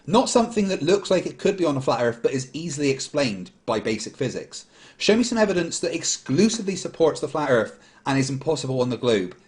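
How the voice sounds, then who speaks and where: A man's voice: fairly high pitch, big pitch swings, quick pace, a little mellow. A man hosting a casual livestream, reading super chats aloud in a blunt, dismissive way. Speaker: host.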